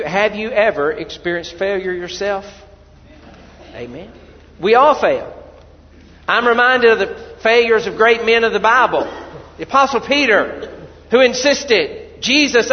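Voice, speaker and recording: A high-pitched man preaching a sermon to his congregation. He drops to quiet, low asides, then rises to loud, pleading cries. The sound is dull and muffled, with a long echo like a large church hall. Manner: preaching with sudden loud cries when voicing people praying. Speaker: pastor.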